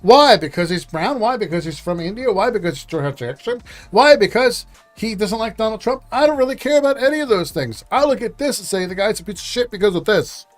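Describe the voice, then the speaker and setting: A man's voice: high voice, lively intonation, fairly quick, faint music behind. A man hosting a reaction commentary show, sarcastic, mocking and profane.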